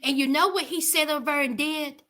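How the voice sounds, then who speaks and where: A woman's voice: sits high, moderate pace, pushed and bright. A woman giving outspoken reaction commentary on a reality show, calling her viewers honey.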